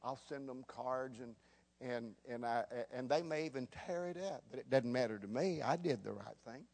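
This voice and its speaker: A man preaching a sermon as pastor, animated, repeating words and calling out for amens. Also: mid-range voice, normal speed, gravelly.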